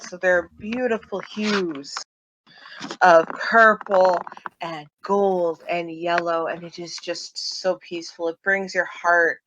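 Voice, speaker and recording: A woman's voice: fairly low pitch, bright, forceful tone, a little hiss or hum, poor audio. A woman running a tabletop role-playing game as game master, narrating scenes in vivid detail with the odd filler.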